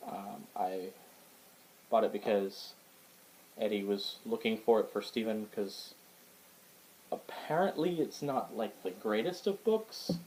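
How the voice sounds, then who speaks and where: Rambling low-voiced man showing his books. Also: slow pace, pauses often, darkish tone, slight background noise, poor audio. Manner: rambling, hesitant, many fillers and restarts. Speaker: book collector showing his collection. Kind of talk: casual show-and-tell vlog. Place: indoors at home.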